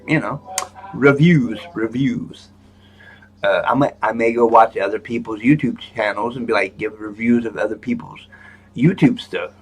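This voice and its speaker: A man's voice: on the low side, moderate pace, slightly rough. A man hosting a live stream in a rambling, joking manner, with lots of fillers and restarts. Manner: joking, self-mocking. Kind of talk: casual live-stream chat.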